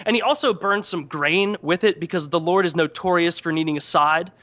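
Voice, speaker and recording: Podcast guy with a high bright voice, crude comic storytelling, dull lo-fi sound. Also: a little fast, few pauses. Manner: irreverent, acts out characters in mocking voices. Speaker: podcast host.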